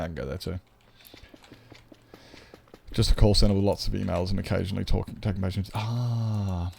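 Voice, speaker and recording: Low gravelly Australian streamer man. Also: darkish tone, a little hiss or hum. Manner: rambling, joking, swears freely. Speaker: game streamer. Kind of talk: casual live-stream chat.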